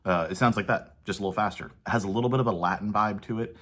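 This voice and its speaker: A man's voice: lowish voice, fast talker, fairly bright tone. A man reviewing an album track by track in a casual, thinking-aloud way with plenty of fillers. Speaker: music reviewer.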